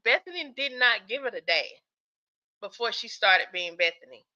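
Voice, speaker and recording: A woman hosts a live chat and talks straight to her viewers, laughing easily. She sounds sleepy and keeps stifling yawns. Her voice is bright and sits a bit high, and the audio is dull and lo-fi. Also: animated, normal speed. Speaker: live-stream host reacting to skits.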